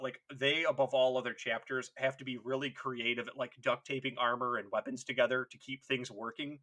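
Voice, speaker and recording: A man co-hosting a casual comedy podcast, animated and swearing, laughing often as he acts out bits. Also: medium pitch. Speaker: podcast co-host.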